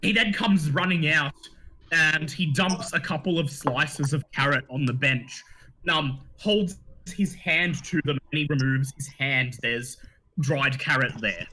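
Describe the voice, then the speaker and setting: Dm guy, bright high voice, takes his time telling the scene. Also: measured pace, slight background noise. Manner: animated storyteller, laughs along. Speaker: game master. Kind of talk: narrating a tabletop game.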